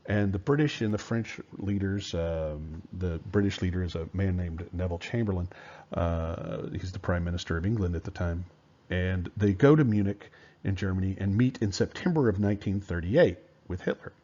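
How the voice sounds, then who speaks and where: A man teaching history in a relaxed, conversational lecture, with fillers and rhetorical questions. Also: sits low, moderate pace. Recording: dull lo-fi recording.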